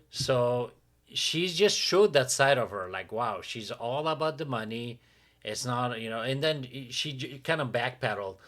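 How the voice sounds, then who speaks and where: A man co-hosting a podcast, telling a dating story in a casual, animated way and acting out what others said. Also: mid-range voice, unhurried. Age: adult with a teen-era dating life, father. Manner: animated, acts out quotes of others. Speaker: podcast co-host.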